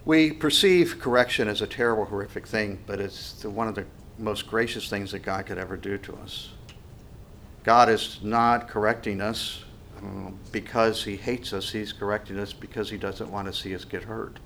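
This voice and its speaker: A man's voice: on the low side, fairly even intonation, normal speed, a bit bright, a little hiss or hum. A middle-aged man preaching a sermon in an earnest, conversational way, with frequent restarts and fillers. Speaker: pastor.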